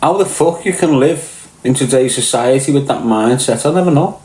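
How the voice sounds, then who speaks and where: A man's voice: mid-range voice, normal speed, a little mellow, echoey room, low-quality recording. A middle-aged man with a Liverpool accent, ranting bluntly and swearing, firing rhetorical questions at his viewers. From Liverpool, England. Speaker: podcast host.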